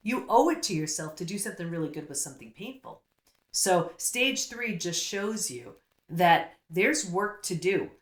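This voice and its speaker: A middle-aged woman speaks as an interview guest, earnest and full of stories and quick asides. Her voice sits a little low. The room around her rings with a roomy echo. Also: big pitch swings. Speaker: guest psychologist. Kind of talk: casual interview talk.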